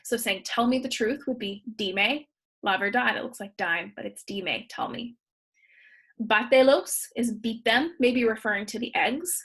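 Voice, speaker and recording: A woman's voice: on the high side, expressive, unhurried, fairly bright tone, slightly rough. A woman, a Spanish teacher, explaining grammar patiently step by step in a recorded slideshow lesson.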